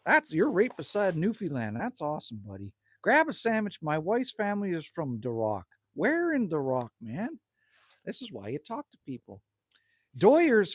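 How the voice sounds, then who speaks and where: A man's voice: on the high side, huge pitch swings, moderate pace, husky, dry recording. A middle-aged man hosting a casual live stream outdoors by a campfire, chatting bluntly and joking with viewers as he reads the chat. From Northwest Territories, Canada. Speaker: livestream host reading chat.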